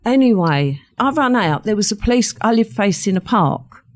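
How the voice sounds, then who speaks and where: An older woman tells a story from her own life to a podcast host. She talks in a lively, vivid way and slips into the voices of the people she quotes. Her voice sits at an ordinary pitch for a woman. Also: moderate pace. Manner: vivid storyteller who acts out what others said. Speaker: podcast guest. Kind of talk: recounting a personal story in conversation.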